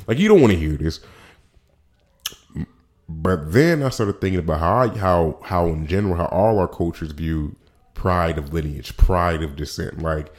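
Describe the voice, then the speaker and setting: Podcast host, male, very low voice, loose rambling delivery full of restarts and slang. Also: moderate pace. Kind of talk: casual solo podcast monologue.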